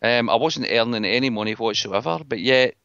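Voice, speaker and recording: A man's voice: medium pitch, fairly quick, vocal fry, sharp tone, smooth, dry recording. A middle-aged Scottish man hosting a casual podcast chat, talking bluntly and with scorn. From Scotland. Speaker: podcast host. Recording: dull lo-fi dry sound.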